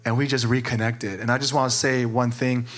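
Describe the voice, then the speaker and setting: A man's voice: mid-range voice, little pitch movement, brisk. A man who is a pastor, sharing candidly and with emotion, filling his talk with "like". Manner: earnest, emotional, many "like" fillers.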